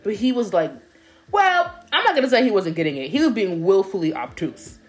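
Animated young woman telling a story. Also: mid-range voice, a little fast. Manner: animated, laughing storytelling with acted-out quotes. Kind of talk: casual chat.

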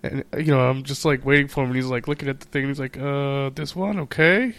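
A man chats casually on a podcast, easygoing and full of fillers. He is a little under the weather. His voice is gravelly with plenty of fry. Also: mid-range voice, monotone, rapid-fire. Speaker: podcast co-host. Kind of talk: casual chat.

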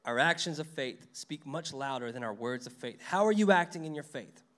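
A man's voice: fairly high pitch, lively intonation, normal speed, fairly bright tone. A man preaching a sermon in a casual, conversational way, reading verses aloud and acting out the lines of the story. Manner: conversational preaching, reads scripture aloud, acts out quotes. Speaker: pastor.

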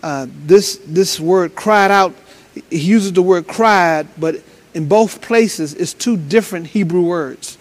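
High-voiced preaching man. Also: takes it slowly. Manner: repeats words while building up, swings from loud preaching to low talk. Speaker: pastor. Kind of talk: sermon.

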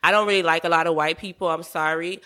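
A woman from Savannah, Georgia talks as a podcast guest, chatty and animated. Her voice is bright and forward, and laughter runs through her stories. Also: lowish voice, quick pace. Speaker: musician and guest. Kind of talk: casual interview chat.

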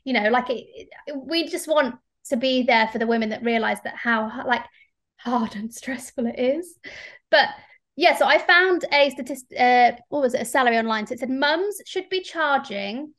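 A woman in her thirties chatting candidly as a podcast co-host, animated when she rants. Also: sits high, moderate pace. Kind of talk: casual podcast chat.

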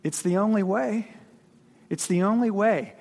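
Man playing an implacable angel, slow and low, in a long-reverb hall. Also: gravelly, darkish tone, heavily acted. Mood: insistent. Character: stern calm male angel, relentless and unhurried.

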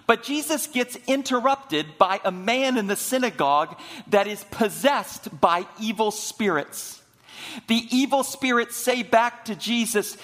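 High-voiced preacher in a reverberant sanctuary. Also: male voice, lively intonation, a bit bright. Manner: storytelling preacher, slows down for emphasis. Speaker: senior minister. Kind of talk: sermon. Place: church sanctuary. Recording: long reverb of a large sanctuary.

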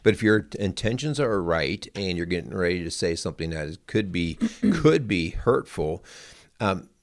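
Very deep-voiced man explaining calmly. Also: dry recording, clean studio sound. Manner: measured, explanatory, drops into quoted voices. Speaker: co-host and mediator. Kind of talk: casual advice chat.

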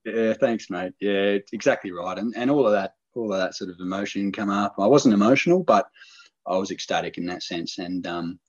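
Middle-aged man, low husky voice, animated storyteller, muffled recording. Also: a little fast. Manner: animated, excited storyteller, acts out quoted lines. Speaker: podcast guest telling a hunting story. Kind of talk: casual storytelling chat.

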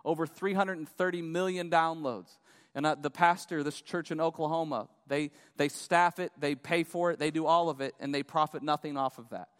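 A man in his thirties, a pastor preaching a sermon, swinging between loud urgent stretches and hushed ones. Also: a little high, fairly even intonation, normal speed, smooth. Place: church auditorium. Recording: long reverb of a church hall with music.

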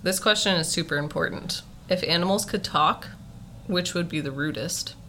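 A woman's voice: fairly low pitch, moderate pace, sharp tone, slight background noise. A woman podcast host asking playful questions in a casual interview, laughing often.

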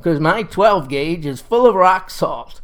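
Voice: medium pitch, expressive, slow. A storyteller voicing a cranky, wizened old backwoods woman healer who talks in a tart, folksy way. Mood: gruff. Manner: tart, suspicious, folksy country talk.

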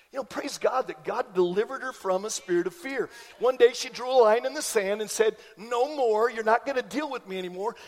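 High-voiced pastor preaching in a reverberant hall. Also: male voice. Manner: storytelling preacher, slows down for key points, repeats lines. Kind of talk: sermon.

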